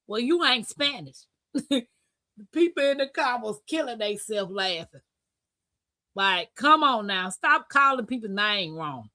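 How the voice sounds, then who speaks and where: A woman hosting a live-stream talk show, chatting casually, reading comments aloud and telling stories with animated bursts and laughter. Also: high voice, normal speed, no echo. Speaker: livestream host.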